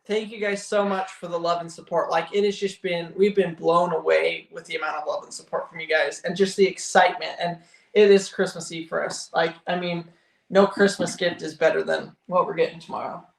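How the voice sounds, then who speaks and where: A young man chatting casually on a family live stream, easygoing and quick to laugh. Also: fairly high pitch, fairly even intonation, gravelly. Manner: easygoing, laughs often, talks over partner. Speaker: vlog co-host. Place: home office room. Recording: roomy echo.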